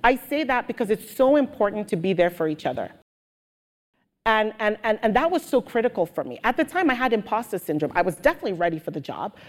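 Animated woman speaking on stage. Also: medium pitch, fast. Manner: energetic, animated storytelling. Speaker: guest speaker. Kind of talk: live on-stage interview. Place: auditorium with audience. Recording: long hall reverb.

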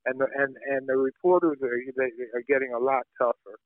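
Over a tinny phone line, a journalist guest speaks fast in a medium-pitched, steady voice with no echo. In this conversational interview, he builds his points earnestly using pointed examples.

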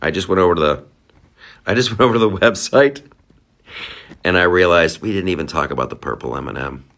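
A man's voice: low voice, a little fast, gravelly, a bit bright. A man hosting a solo podcast in a casual, rambling, sarcastic way, with playful asides. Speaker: podcast host.

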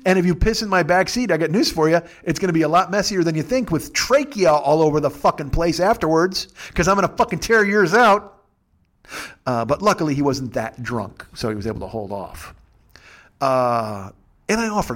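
A man's voice: a little high, lively intonation, brisk, fairly bright tone. A man hosting a casual podcast, ranting and swearing with sarcasm and mocking little impressions of other people. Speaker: podcast host.

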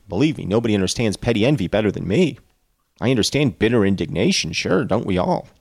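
A man's voice: mid-range voice, a little mellow, no room sound, clean studio sound. A man giving casual, sarcastic commentary with slangy asides between readings from a classic novel. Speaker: book reader and commentator.

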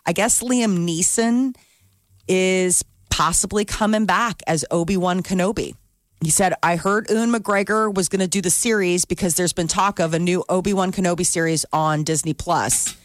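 A woman's voice: fairly low pitch, normal speed, no room sound, studio quality. A woman co-hosting morning radio, chatty and giggly as she runs through entertainment news. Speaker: radio co-host. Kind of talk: casual morning show banter. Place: radio studio.

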